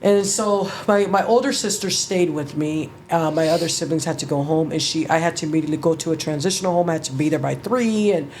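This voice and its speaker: A middle-aged woman, an interview guest, telling her story in a halting, emotional way, with restarts and casual swearing. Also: low-pitched, darkish tone, a little hiss or hum. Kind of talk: personal storytelling.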